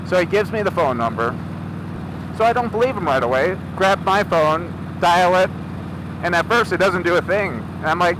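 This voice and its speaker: Animated man telling a road story. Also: high-pitched, moderate pace. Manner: animated retelling, acts out both sides of a confrontation. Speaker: motorcycle vlogger. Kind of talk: casual storytelling. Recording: noisy outdoor recording.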